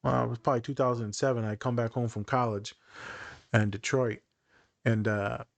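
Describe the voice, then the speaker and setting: In his thirties, this podcast host recounts personal stories with feeling in a casual chat, performing the lines people said. He speaks at normal speed with fairly even intonation and a creaky mid-range voice.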